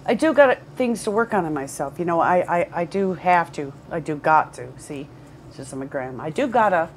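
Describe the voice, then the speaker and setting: A woman's voice: fairly low pitch, a little hiss or hum. A woman recording a candid personal vlog at home, rambling, repeating words and swearing. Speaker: vlogger. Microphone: headphones with camera.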